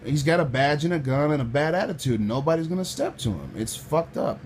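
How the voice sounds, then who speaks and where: A loud man telling a personal story with lots of swearing, acting out the people in it and swinging from quiet to shouting. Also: fairly high pitch, expressive, brisk, a little hiss or hum. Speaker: storyteller recounting a personal run-in.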